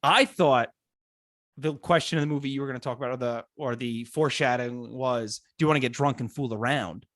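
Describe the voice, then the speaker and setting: A young man co-hosting a podcast, telling jokey stories in casual chat with playful, animated delivery. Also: mid-range voice, brisk, no echo, clean studio sound. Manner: animated storyteller, playful put-on voices. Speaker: podcast co-host.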